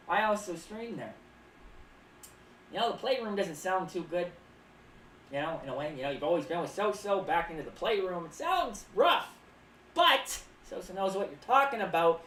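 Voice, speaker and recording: A woman's voice: mid-range voice, big pitch swings, moderate pace, fairly bright tone, far from the mic. A woman streaming as a clown, casually rambling and reading chat aloud, often speaking of herself in the third person. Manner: rambling, playful asides. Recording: roomy, off-mic with faint background noise.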